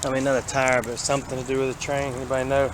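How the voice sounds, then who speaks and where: A Southern-accented man chats in a loose, folksy ramble, thinking out loud about each thing he spots. His voice sits at an ordinary pitch for a man. Running water and outdoor sound come through clearly on his handheld camera mic. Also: completely flat delivery, racing, noisy background. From Alabama. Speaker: vlogger exploring a creek. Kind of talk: casual walking narration. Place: outdoors wading in a city creek.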